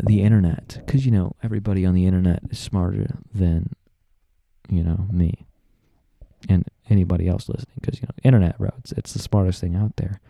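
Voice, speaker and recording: A man's voice: on the low side, vocal fry, mellow, dry recording. A young man, hosting a casual podcast and ranting in an exasperated, sarcastic way. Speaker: podcast host.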